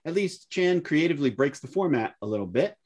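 A man's voice: on the high side, very animated, a little fast, darkish tone. A man co-hosting a podcast, reading listener feedback aloud in a chatty, easygoing way. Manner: chatty, reads letters aloud with light laughs. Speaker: podcast co-host.

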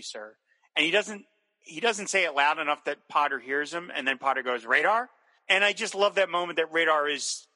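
An enthusiastic man talks through a TV episode in loose, rambling podcast chat, circling back on his words. His voice is very bright and sharp, sitting a little high. The room around him rings with a long reverb. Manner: enthusiastic, rambling with restarts, laughs often. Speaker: podcast co-host. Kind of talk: casual chat recapping a TV episode.

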